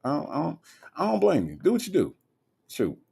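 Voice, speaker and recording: A man's voice: on the high side, wildly swooping pitch, a little fast, gravelly, mellow, slightly rough. A man hosting a casual livestream, reading viewer comments aloud in a laid-back, playful way. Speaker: livestream host reading chat. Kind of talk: casual chat.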